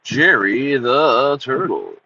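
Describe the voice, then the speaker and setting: A young man chatting casually on a livestream, excitable and rambling, calling his viewers bro and dude. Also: medium pitch, slow pace, gravelly, highs cut off, a little hiss or hum. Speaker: crypto livestreamer.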